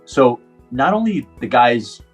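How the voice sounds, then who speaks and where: A man's voice: mid-range voice, takes it slowly, husky, faint music behind. A middle-aged man from Puerto Rico who is a professional driver, telling a personal story in an interview and acting out the dialogue. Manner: animated storyteller, acts out quoted dialogue.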